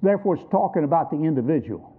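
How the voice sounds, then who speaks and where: Preaching at a church missions conference, a sixty-something man teaches emphatically and poses rhetorical questions. He speaks quickly in a fairly high, husky, animated voice, captured with a tinny, phone-like quality.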